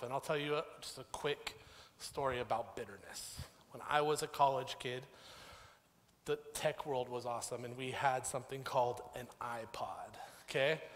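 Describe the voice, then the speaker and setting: A man in his thirties preaches in a church sanctuary, his mid-range voice carrying a long hall reverb. He tells stories in a lively, conversational way, building up and then dropping into quieter, earnest moments. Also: medium pitch. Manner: storytelling, animated, conversational preaching. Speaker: pastor. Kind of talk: sermon.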